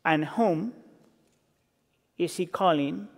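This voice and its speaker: A man preaching a sermon, acting out quoted lines and building intensity before dropping low and quiet. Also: slow pace, vocal fry. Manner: expressive, acts out quotes, builds intensity then drops low. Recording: reverberant hall.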